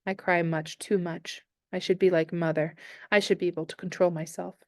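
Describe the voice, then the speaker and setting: A woman voicing a shy, tearful teenage girl, speaking softly and shakily as if close to tears. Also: medium pitch, brisk, dry recording, lightly acted. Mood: upset. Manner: soft and shaky, close to tears.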